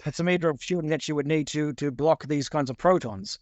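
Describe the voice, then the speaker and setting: Rambling man with a slightly high voice, casual talk, dry sound. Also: brisk, darkish tone, no room sound. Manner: rambling, repeats words, reads out quotes. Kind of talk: casual discussion.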